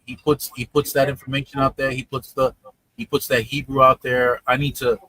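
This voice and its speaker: A man hosting a casual live stream, chatting with viewers in an animated way, laughing often and repeating his words. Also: medium pitch, fairly quick, dry recording. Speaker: livestream host.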